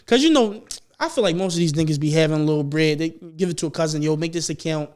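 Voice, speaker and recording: High-voiced, animated young man. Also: fast talker. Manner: animated, profane storytelling, rising loud when excited. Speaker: podcast host. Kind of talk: casual chat.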